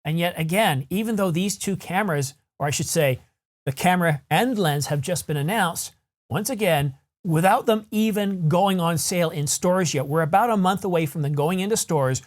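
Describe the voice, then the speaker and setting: A man's voice: sits high, normal speed. A man hosting a camera news channel, ranting in a frustrated, rambling way and correcting himself as he talks. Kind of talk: solo vlog rant.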